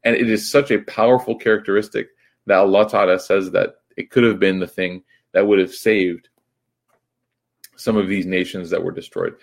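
A man's voice: deep voice, fairly even intonation, moderate pace, creaky. A young man giving a reflective religious talk in a casual, conversational way, full of fillers and restarts. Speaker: Islamic teacher.

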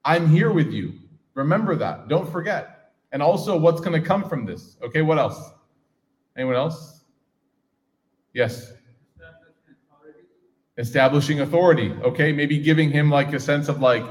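A man's voice: a little high, lively intonation, normal speed, long pauses. A man teaching a class on scripture, casual and engaging, asking his audience questions. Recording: reverberant hall.

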